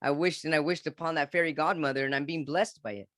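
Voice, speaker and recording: A man's voice: fairly high pitch, steady tone, fairly bright tone, no echo. Earnest man telling his story, dry sound. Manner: earnest, halting, with frequent restarts and repeats. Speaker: podcast guest. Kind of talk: candid personal storytelling in an interview.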